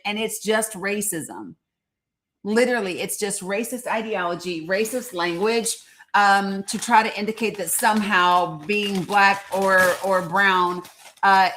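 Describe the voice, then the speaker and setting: Woman on a live stream, fired up and outspoken, reads legal stuff out loud with lots of ums and asides. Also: mid-range voice, a little hiss or hum. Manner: reads legal text aloud, breaking off with fillers and asides; impassioned and outspoken. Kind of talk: casual live-stream news commentary.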